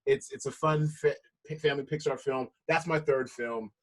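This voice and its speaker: An American man hosting a podcast, rambling and correcting himself in casual chat, quick to laugh. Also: a little high. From United States. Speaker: podcast host.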